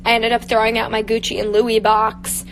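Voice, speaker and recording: A woman's voice: on the high side, monotone, moderate pace, a little hiss or hum. A young woman chatting casually with viewers on a phone live stream, talkative and giggly, with lots of fillers. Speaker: beauty influencer. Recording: echoey room, faint ambience.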